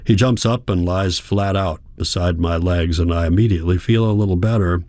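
Deep-voiced man narrating a story. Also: fairly quick, darkish tone, no echo, clean studio sound. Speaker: audiobook narrator. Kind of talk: scripted first-person narration.

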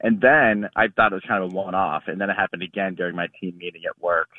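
A man's voice: sits low, steady tone, fast, dry recording. A man from Ohio calling a radio show, telling a story and quoting what people said to him. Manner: storytelling with quoted dialogue. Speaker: caller. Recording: tinny phone line.

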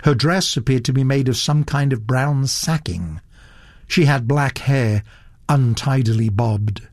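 A man reading a story aloud as narrator, measured and expressive. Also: mid-range voice, dry recording, clean studio sound. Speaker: audiobook narrator. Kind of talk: scripted narration.

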